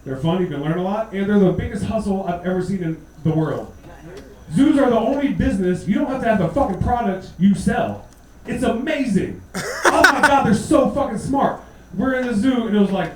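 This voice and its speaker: A man in his thirties performing a profane stand-up set, loud and punchy, slipping into mocking put-on voices. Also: high voice, fairly quick. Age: 30s. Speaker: stand-up comedian. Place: comedy club stage. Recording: echoey club, mic heard from a distance, laughing crowd.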